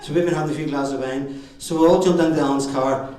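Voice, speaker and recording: A middle-aged Northern Irish man tells chuckling family stories at a wedding, his voice sitting a little high for a man. He stands back from the microphone, and the hall rings with heavy echo around him. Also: fairly even intonation, fast talker, a little mellow. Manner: jokey storytelling with chuckles. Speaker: father of the bride giving a speech. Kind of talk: wedding speech anecdotes. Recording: very echoey hall, far from the mic.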